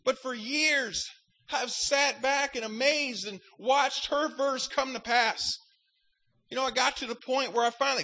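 A man's voice: very high-pitched, steady tone, unhurried, pushed and bright, poor audio. A man pastor preaching a sermon, fervent in delivery and breaking into wry joking asides.

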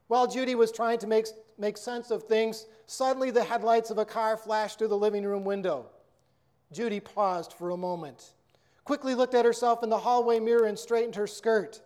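A preacher telling a story and then giving a sermon in an earnest, measured way. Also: male voice, sits high, darkish tone.

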